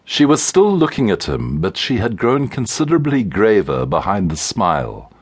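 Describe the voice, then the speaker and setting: A male audiobook narrator reading classic fiction with expressive storytelling. His voice is low and husky, and his pitch moves in a lively way. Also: normal speed. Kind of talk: scripted narration.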